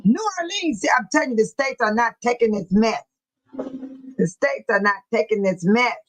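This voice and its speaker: High-voiced woman chatting on a livestream. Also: moderate pace, rough recording. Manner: chatty, reads articles aloud and talks back to chat. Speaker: livestream host. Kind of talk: casual livestream chat, reading news aloud.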